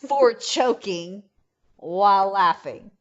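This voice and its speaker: A woman's voice: medium pitch, animated, takes it slowly. A woman co-hosting a casual history podcast, swearing freely, teasing and laughing often. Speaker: podcast co-host. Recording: dull lo-fi podcast audio.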